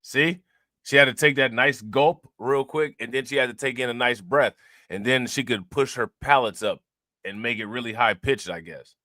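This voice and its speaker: A man hosts a casual commentary channel, reacting to news clips and addressing his viewers directly in a loose, repetitive style. His mid-range voice has a sharp tone and moderate pace, with no room sound.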